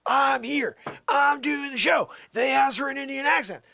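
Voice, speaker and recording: A man's voice: very high-pitched, normal speed, vocal fry, pushed and bright, dry recording, studio quality. A man hosting a livestream, chatting casually and rambling defensively to his viewers. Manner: defensive, rambling, talks to chat. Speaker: livestream host.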